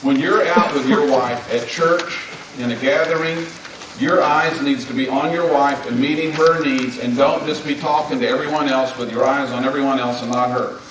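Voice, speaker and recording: A man's voice: medium pitch, fairly even intonation, normal speed. A man in his seventies speaking at a marriage conference, delivering a sermon-style talk to husbands and hammering home his points with repeated commands. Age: 70s. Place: large conference hall. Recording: very echoey hall, distant mic, faint hiss.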